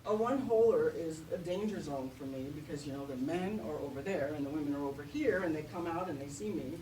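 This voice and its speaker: A woman's voice: low-pitched, expressive, fast, far from the mic. Older woman comic, self-deprecating stand-up storyteller, roomy venue, mic set back, audience noise. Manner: self-deprecating, laughing at own punchlines. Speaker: stand-up comedian. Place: comedy venue with live audience.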